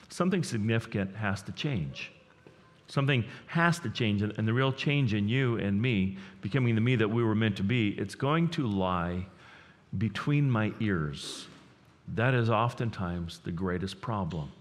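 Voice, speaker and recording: A man preaching a sermon as pastor, energetic and building to excited peaks, often repeating words as he gets fired up. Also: fairly low pitch. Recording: long hall reverb.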